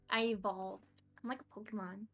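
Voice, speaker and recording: Her voice is mid-range and a little bright: a young woman from the US, appearing as a podcast guest. In a relaxed interview chat about her life, she laughs a lot, giggles, and teases herself.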